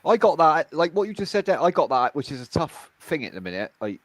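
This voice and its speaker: A man's voice: a little high, very animated, brisk, dry recording. Casting: man, casual online chat, blunt and profane, dry close sound. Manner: blunt, swears a lot, repeats himself. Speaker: streamer.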